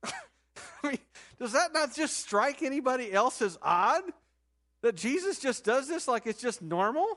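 A pastor delivers a sermon in a conversational, animated storytelling style at a measured pace. At times his pitch and volume rise sharply, and when quoting Jesus he drops to a soft, low voice.

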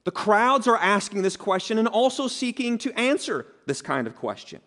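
A man's voice: sits high, very animated, moderate pace, a bit bright. A man preaching a sermon, emphatic, with repeated phrases, rhetorical questions and some dry humor. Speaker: pastor.

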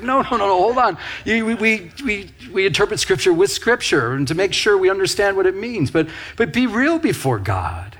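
This animated pastor's sermon is loose and conversational, carried by a somewhat high, husky voice. He speaks straight to the congregation and peppers the talk with quick asides, as though in conversation with them.

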